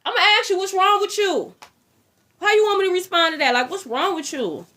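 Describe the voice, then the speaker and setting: Bright high-voiced woman reading tarot. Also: fairly quick. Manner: blunt, profane, repeats herself. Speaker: tarot reader.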